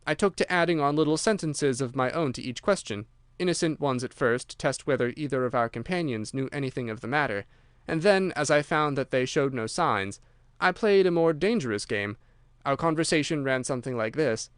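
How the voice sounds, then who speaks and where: A man narrating a short story as an audiobook in a steady, measured way. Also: medium pitch, clear, resonant tone, dry recording, studio quality. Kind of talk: scripted narration.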